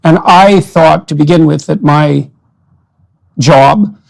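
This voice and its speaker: A man's voice: fairly high pitch, takes it slowly, gravelly, a little mellow, rough recording. A man hosting a long-form conversation, explaining ideas in long, winding sentences. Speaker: podcast host.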